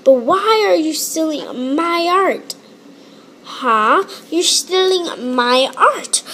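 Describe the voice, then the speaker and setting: A young woman in a casual vlog, playfully scolding someone, repeating herself and swinging between loud and quiet. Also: high-pitched, expressive, extremely slow, slight background noise. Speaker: animation creator.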